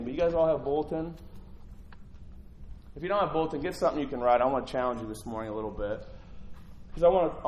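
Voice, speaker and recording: A male pastor preaching a sermon in an animated, conversational way, swinging from loud to hushed. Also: mid-range voice, a little hiss or hum, rough recording.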